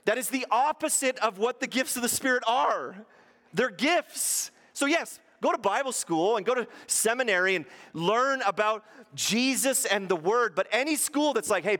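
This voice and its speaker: Male pastor, high voice, preaching with rhetorical questions in a church hall with long reverb. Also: lively intonation, moderate pace, pushed and bright. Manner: rhetorical questions, acts out quotes in shifting voices. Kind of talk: sermon.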